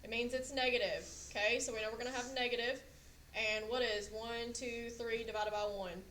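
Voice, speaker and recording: A woman's voice: a little high, fairly even intonation, brisk, a bit bright. A woman teaching a classroom math lesson, quizzing students and checking in with "okay?" again and again. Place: echoey classroom. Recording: echoey classroom, faint noise.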